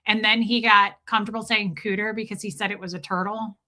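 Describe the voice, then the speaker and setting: A woman's voice: mid-range voice, steady tone, a little fast, bright, forceful tone. A woman hosting a livestream in casual chat with viewers, telling stories freely, laughing and swearing as she goes. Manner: chatty storyteller who laughs and swears freely. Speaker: livestream host.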